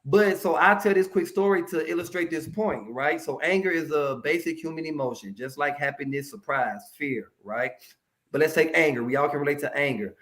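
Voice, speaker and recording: A man speaking as a mental health professional in a casual interview, telling stories in a lively, colloquial way and addressing the audience directly. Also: on the high side, a little fast. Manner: animated, colloquial, preachy asides to the audience.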